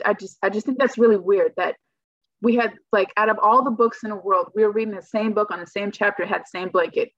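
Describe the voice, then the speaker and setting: Talking fast with fairly even intonation, this young woman's mid-range voice tells a personal story in a relaxed interview, repeatedly acting out how she reacted. The audio is dry and lo-fi with a dull quality and no echo.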